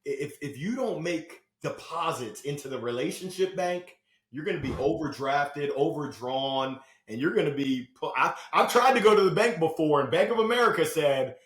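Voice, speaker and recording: Upbeat male motivational speaker guest, slightly high-pitched, bursts of volume, echoey room. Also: normal speed. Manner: animated storyteller with sudden loud bursts. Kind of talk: energetic interview talk. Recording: roomy echo.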